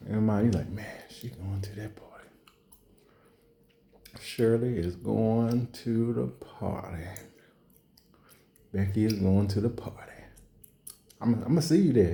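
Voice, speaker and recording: A man doing a rambling comedy monologue, acting out little scenes and slipping into hushed asides. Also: fairly low pitch, unhurried, vocal fry, long pauses.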